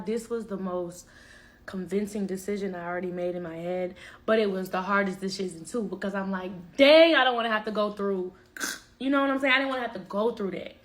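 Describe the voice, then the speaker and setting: A young woman telling a personal story in casual vlog style, animated and acting out what people said. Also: medium pitch. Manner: animated, acts out quotes, laughs. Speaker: vlogger.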